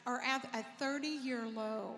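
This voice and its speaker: A woman's voice: on the high side, steady tone, slow, a bit bright, faint music behind. A woman speaking as a panelist, firm and emphatic. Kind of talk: convention panel talk. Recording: hall reverb with faint noise.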